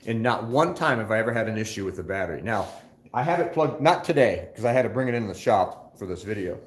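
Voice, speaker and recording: A fast-talking older man with a lowish, expressive voice sounds reverberant. Hosting a motorcycle channel, he streams live by phone from a motorcycle shop, rambling all over the place and reading viewer comments aloud.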